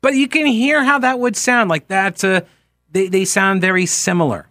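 A man's voice: high voice, lively intonation, moderate pace, pushed and bright, no room sound. An American man hosting a talk radio show, rambling and joking in a casual way. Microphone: studio microphone.

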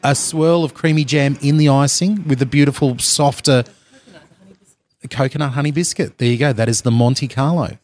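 A man's voice: mid-range voice, steady tone, moderate pace, a little mellow. A man with an Australian accent hosting a live breakfast radio show from a conference floor, chatty and upbeat with frequent fillers. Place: side hall at a conference venue.

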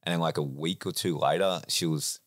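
Deep-voiced, laid-back Australian man spinning a long, meandering yarn as a podcast guest. He talks loosely and swears and chuckles often. His voice sits very low. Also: steady tone, fairly quick, dry recording. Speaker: podcast guest, racing driver. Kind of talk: casual storytelling chat.

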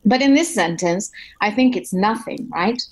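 Woman, voice coach, conversational, expressive pitch swings, middle-aged. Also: moderate pace, poor audio. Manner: animated, demonstrates vocal colour by shifting pitch. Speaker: voice coach, opera singer. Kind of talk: conversational interview.

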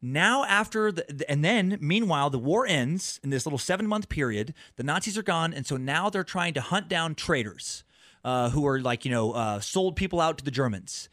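A comedian and podcaster guest telling a story in a rambling way, restarting and repeating words. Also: male voice, a little high, animated, moderate pace, a bit bright, no echo, clean studio sound. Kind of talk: animated true-crime storytelling.

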